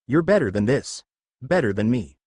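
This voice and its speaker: A man's voice: mid-range voice, big pitch swings, normal speed, breathy edge, no room sound, studio quality. A man reading the lines of a young witch girl who consoles her friend, in a storybook reading. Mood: consoling. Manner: gentle, pleading.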